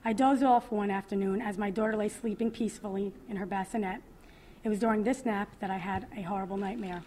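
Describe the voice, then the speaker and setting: A woman in her thirties reads her own testimony aloud as a mother at a public event, speaking earnestly and with feeling, often pausing. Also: medium pitch, fairly even intonation, warm tone, a little hiss or hum. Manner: emotional, earnest, with pauses. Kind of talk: reading a personal testimony aloud.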